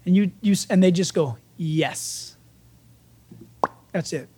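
Male pastor, casual and animated, acts out the scenes as he preaches. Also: high voice, fairly quick, noisy background. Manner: animated, acts out biblical dialogue; conversational, folksy preaching. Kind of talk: sermon.

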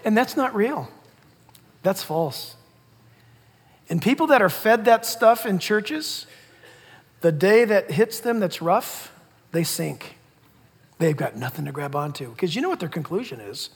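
A man's voice: high-pitched, very animated, normal speed, breathy edge. A man preaching a sermon as pastor, emphatic, repeating key words and laughing between points. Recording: long hall reverb.

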